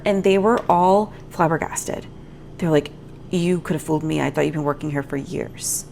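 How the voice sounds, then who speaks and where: A woman's voice: lowish voice, a little hiss or hum. A woman vlogging candidly to camera, venting her frustration frankly while nursing a migraine. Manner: frank, venting, self-reflective. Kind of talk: candid talking-to-camera vlog.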